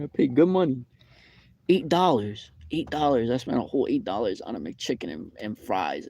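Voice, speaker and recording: A man plays a grumpy, real-life take on a famous hedgehog, ranting in an aggrieved, rambling comedy bit. His voice is gravelly and mellow. The sound is dry and close. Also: medium pitch, dry recording. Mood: indignant. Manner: rambling, aggrieved, repetitive complaining. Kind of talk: improvised comedic rant.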